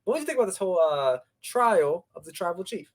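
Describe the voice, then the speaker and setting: An excitable young man co-hosts a casual podcast, his voice sitting a little high. He leaps up in pitch when he retells big moments, then drops back to easy chat. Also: fast talker. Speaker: co-host.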